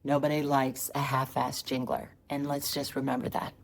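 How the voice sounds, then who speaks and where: A woman's voice: a bass voice, level tone, moderate pace, gravelly, noisy background. A woman comedian telling a family holiday story in a wry, conversational way. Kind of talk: storytelling stand-up clip.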